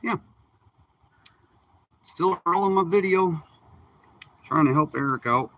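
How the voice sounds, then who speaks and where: A man's voice: on the high side, slow, bright, forceful tone. A man from Michigan chatting casually and folksily while fishing from a kayak on a creek during a live stream. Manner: laid-back, chatty, folksy. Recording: distant mic outdoors with faint noise.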